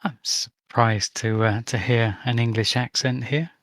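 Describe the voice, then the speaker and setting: A man's voice: mid-range voice, steady tone, measured pace, a bit bright, no echo. A man playing an investigator character in a tabletop game, polite and hesitant with frequent fillers. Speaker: player.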